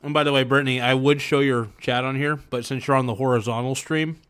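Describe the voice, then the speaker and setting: A man's voice: mid-range voice, fairly even intonation, fast talker, fairly bright tone, clean tone. Rambling, joking man streaming from home. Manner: rambling, joking, self-mocking. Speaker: live streamer reading chat. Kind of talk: casual livestream chat.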